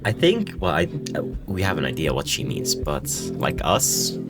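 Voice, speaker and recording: Low-voiced gamer reading a story game. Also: male voice, moderate pace, loud music behind the voice. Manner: casual, swears freely, hesitant fillers. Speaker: gaming channel host. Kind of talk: casual let's-play reading and reacting.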